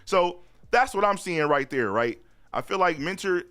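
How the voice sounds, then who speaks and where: A man hosting a live-stream sports talk show, chatting loosely in slang, reading viewer comments aloud and shouting out viewers. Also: high voice, expressive, moderate pace. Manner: loose slang-heavy chat, repeats "you know what I'm saying".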